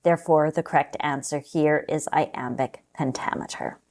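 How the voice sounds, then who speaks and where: A woman narrating a scripted test-prep lesson in a slow, measured, explanatory way. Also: deep voice, steady tone, a little mellow.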